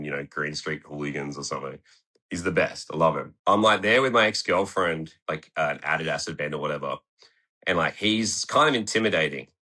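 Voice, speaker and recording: A man's voice: extremely low pitch, pushed and bright. A young man, a skateboarder guest telling rambling, sweary stories in a casual podcast interview and acting out what people said. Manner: rambling storyteller who swears freely and acts out quotes. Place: podcast studio.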